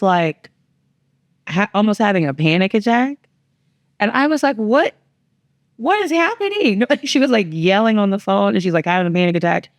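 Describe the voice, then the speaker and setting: A woman's voice: clear, resonant tone, no room sound. A middle-aged woman, a mother, telling family stories in a candid podcast chat and acting out what was said. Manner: animated storyteller, acts out quotes with big pitch jumps.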